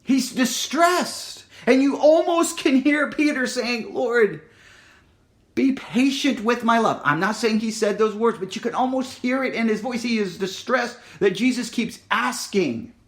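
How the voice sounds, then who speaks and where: Man, high-pitched voice, sermon, dramatic rises and hushed drops, repeats himself. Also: a little slow, hardly any pauses. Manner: dramatic, drops to near-whisper for emphasis, then rises; repeats words and restarts. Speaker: preacher.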